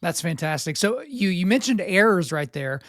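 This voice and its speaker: A man hosting a podcast, asking questions in an excited, energetic way with a voice he calls weak. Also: sits high, normal speed, no echo, studio quality. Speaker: podcast host. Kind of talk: casual interview chat.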